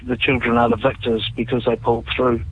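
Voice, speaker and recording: A man's voice: mid-range voice, completely flat delivery, a little fast, breathy edge, narrow, tinny audio. A man with a New Zealand accent, a musician guest on a radio show, telling stories openly and earnestly with lots of fillers. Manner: open, earnest storytelling with many fillers. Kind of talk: casual radio interview.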